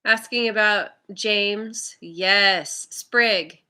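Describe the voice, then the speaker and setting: A woman's voice: medium pitch, drawn-out words, pushed and bright. A woman hosting a live tarot reading stream, chatting casually with viewers, laughing often and sounding encouraging. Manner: stumbles over viewer names.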